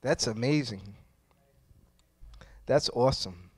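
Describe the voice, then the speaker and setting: A male pastor delivering a sermon, asking the congregation for responses and moving between quiet reflection and loud emphasis. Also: medium pitch, lively intonation, slow, breathy edge, no echo. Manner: preaching with call-and-response, swings from quiet to loud.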